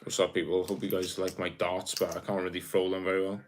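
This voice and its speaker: Low-voiced South Welsh man streaming live. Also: fast, slight background noise. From Wales. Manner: relaxed, rambling, reads viewer comments aloud. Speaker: livestream host. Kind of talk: casual livestream chat reading comments.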